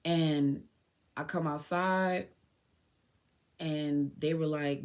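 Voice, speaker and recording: A woman's voice: low-pitched, steady tone, slow pace, pauses often. A young woman hosting a podcast, telling a painful personal story in a candid, slangy way and near tears at times. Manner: emotional, slangy and candid, retelling dialogue. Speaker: podcast host.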